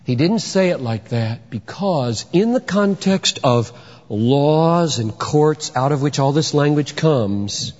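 A man preaching a sermon with emphatic delivery, firing off rhetorical questions and sometimes shouting for effect. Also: fairly high pitch, animated, slow. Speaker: pastor. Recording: dull sound with long hall reverb.

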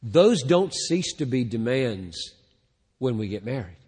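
A man preaching a sermon in a slow, deliberate way, swelling loud on key words and then falling almost to a hush at the ends of phrases. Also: medium pitch, sing-song, breathy edge, in a large hall. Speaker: pastor.

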